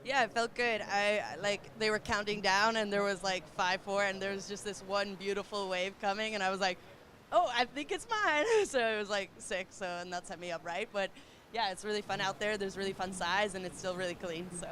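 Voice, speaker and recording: A woman's voice: medium pitch, flat delivery, a little fast, fairly bright tone, a little hiss or hum. Young woman surfer, giggly and casual. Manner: giggly, says "like" a lot. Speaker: competing surfer. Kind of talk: casual post-heat interview. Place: beach outdoors.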